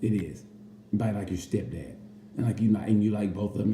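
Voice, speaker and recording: A man rambles through a race recap in easy, jokey chat. His voice is deep-set and very mellow. The sound is roomy, with a faint hiss underneath. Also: a little fast. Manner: rambling, jokey, with playful impressions. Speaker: racing commentator. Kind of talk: casual chat. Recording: roomy with faint background noise.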